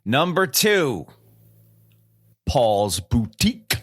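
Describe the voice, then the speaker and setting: A man's voice: medium pitch, sing-song, drawn-out words, breathy edge, no room sound, clean studio sound. A man hosting a podcast, counting down hip hop albums in casual chat, playful and enthusiastic. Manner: playful, enthusiastic, quotes lyrics. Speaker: podcast host.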